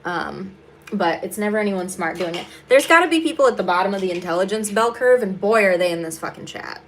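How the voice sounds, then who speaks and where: A young woman talks straight to her livestream viewers in a casual, unscripted way. She is blunt, sarcastic and swears freely, and her voice sits at an ordinary middle pitch. A faint room hum stays underneath her. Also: expressive, brisk. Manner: talks while doing her makeup. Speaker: stand-up comedian hosting a livestream.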